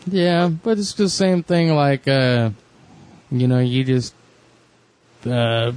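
A man's voice: medium pitch, fairly even intonation, slow, darkish tone, smooth. A man co-hosting a podcast, making dry quips and hedging with fillers in casual chat. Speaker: podcast co-host.

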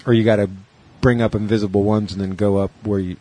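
A man's voice: fairly low pitch, flat delivery, fast talker, dark tone. A man co-hosting a podcast in casual chat, rambling and swearing, acting out other people's lines as he retells a story. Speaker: podcast co-host.

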